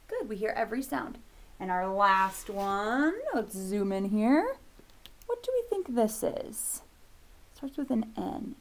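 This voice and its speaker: Speaking at a medium pitch with a sing-song lilt, this woman leads a kindergarten video lesson. She's cheerful and encouraging, drawing out each letter sound slowly for little kids.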